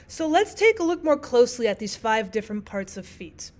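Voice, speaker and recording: A woman's fairly high, sing-song voice moves briskly through a recorded lesson. She lays out terms step by step in a clear, methodical way, repeating the main points.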